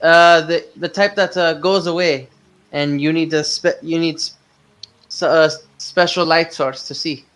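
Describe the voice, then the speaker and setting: Guy playing a tabletop game, casual banter, trips over words, kinda high. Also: fairly even intonation, measured pace, a bit bright. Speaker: player. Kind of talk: tabletop role-play over voice chat.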